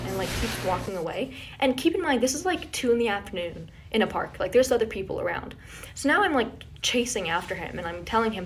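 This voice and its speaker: Quick chatty woman telling a story. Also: on the high side, lively intonation, a little hiss or hum. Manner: chatty, uses filler like "like". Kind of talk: storytime narration over satisfying video.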